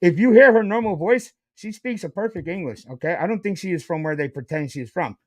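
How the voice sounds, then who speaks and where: Blunt, profane high-voiced man. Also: lively intonation, a little fast, darkish tone, dry recording. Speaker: podcast guest. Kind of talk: casual commentary.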